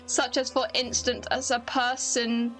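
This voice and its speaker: A woman's voice: on the high side, level tone, unhurried, a bit bright, soft background music, poor audio. A woman voicing a chatty male reporter, attempting a British accent and stumbling through the lines as she reads them aloud. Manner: stumbling read-aloud delivery.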